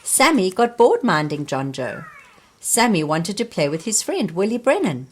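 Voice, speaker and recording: Slow, expressive woman reading to children. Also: sits low, gravelly, slightly rough. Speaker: storybook reader.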